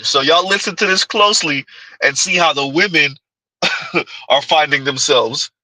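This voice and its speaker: A man's voice: a little high, a little slow, bright, forceful tone, no room sound, low-quality recording. A man hosting a reaction commentary, talking rhetorically and often asking his audience "huh?". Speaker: commentary channel host.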